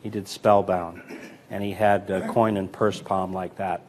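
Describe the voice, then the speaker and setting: A man talks through a coin magic routine in a relaxed, conversational teaching voice. He counts coins aloud as he works and slips into stories about older magicians. His tone stays easy and unhurried. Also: low-pitched, a little hiss or hum. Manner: relaxed, conversational, tells anecdotes with acted quotes; counts coins aloud while demonstrating sleights. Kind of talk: casual instructional demonstration.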